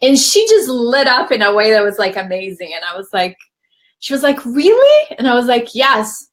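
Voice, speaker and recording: A woman hosting a casual chat, telling a personal story in a chatty way with lively quoted asides. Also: fairly high pitch, moderate pace. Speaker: host.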